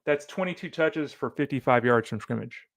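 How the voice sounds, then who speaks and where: A man hosting a solo fantasy football podcast, animated and opinionated, talking straight to the listener. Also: medium pitch, normal speed, vocal fry, no room sound. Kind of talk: solo sports podcast commentary.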